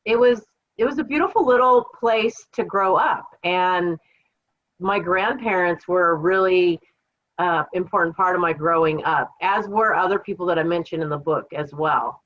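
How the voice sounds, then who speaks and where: A woman's voice: fairly low pitch, moderate pace, highs cut off. A woman from central Washington State, a podcast guest and author, telling her story in a reflective, storytelling manner. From Kittitas Valley, Washington, USA. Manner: warm, reflective storytelling with fillers. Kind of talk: casual interview storytelling.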